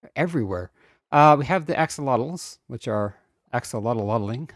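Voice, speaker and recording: Man, game streamer, playful, excitable, silly sing-song bits, dry close sound. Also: mid-range voice, normal speed, dry recording. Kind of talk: casual game-stream chat.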